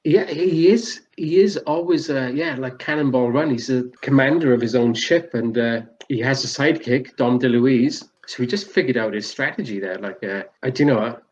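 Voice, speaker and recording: A man's voice: mid-range voice, normal speed, few pauses, darkish tone, lo-fi sound. A man co-hosting a podcast, chatting casually, rambling and restarting his sentences as he laughs along. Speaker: podcast co-host.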